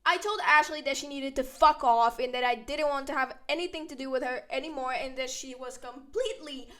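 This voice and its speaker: A young woman casually telling a story-time tale in a brash, profane, animated way, acting out the others' lines. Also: sits high, brisk. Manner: brash, profane, animated retelling with quoted voices. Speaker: storyteller vlogger.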